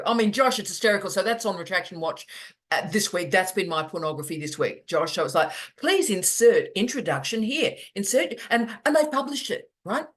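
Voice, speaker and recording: A middle-aged academic hosting online office hours in casual video-call chat, animated and jokey, repeating words for emphasis. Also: mid-range voice.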